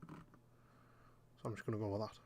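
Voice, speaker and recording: A man's voice: on the low side, little pitch movement, fairly quick, darkish tone, a little hiss or hum. A young man giving casual, jokey commentary while playing a game, muttering asides to himself. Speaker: gaming YouTuber.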